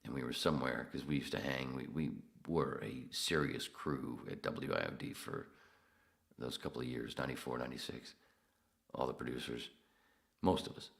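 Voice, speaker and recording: Super deep gravelly guy rambling and swearing through his own podcast. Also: fairly even intonation, moderate pace, a bit bright. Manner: profane, rambling, self-interrupting. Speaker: podcast host. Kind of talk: casual live-stream storytelling.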